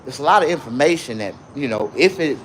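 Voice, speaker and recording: A man rambling on a livestream about tattoos, his shirt and a rap feud, out of breath, with loud bursts and mumbled asides. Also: medium pitch, quick pace, a little hiss or hum. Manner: rambling and animated, swinging between loud outbursts and mumbling. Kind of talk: casual livestream rant.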